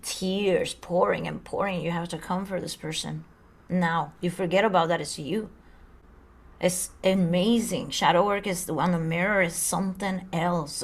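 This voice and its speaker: A woman's voice: on the low side, steady tone, moderate pace, vocal fry. Earnest woman podcast host, dramatic delivery. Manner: earnest, dramatic, sometimes acts out voices. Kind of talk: casual spiritual podcast chat.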